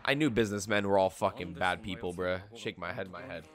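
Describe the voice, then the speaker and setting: Music plays behind a young man with a low voice as he livestreams brisk, animated reactions to an anime. He curses freely and laughs a lot.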